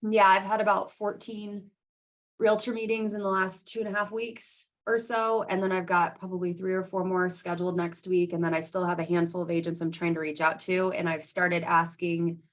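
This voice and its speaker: A woman's voice: fairly low pitch, flat delivery, normal speed. A woman loan officer giving a matter-of-fact work update on a video call.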